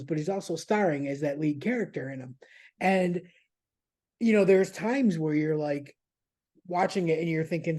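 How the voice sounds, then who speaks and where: A man's voice: fairly high pitch, dark tone. A man chatting casually as a podcast's regular news contributor, rambling, laughing and swearing freely.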